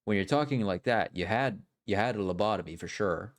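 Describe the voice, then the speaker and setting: A man's voice: lowish voice, a little fast. A man in casual reaction chat on a stream, mocking and laughing often.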